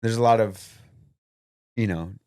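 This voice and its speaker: A man's voice: lowish voice, measured pace, a little mellow, smooth, no echo, clean studio sound. A man co-hosting a podcast in casual chat, rambling and swearing while he hunts for names. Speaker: podcast co-host.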